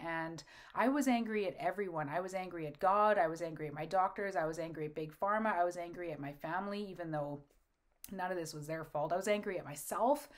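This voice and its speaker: A woman's voice: lowish voice, a little fast. A middle-aged woman speaking candidly and earnestly about her own experience, telling it as a personal story with many fillers. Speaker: host. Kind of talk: personal testimony to camera.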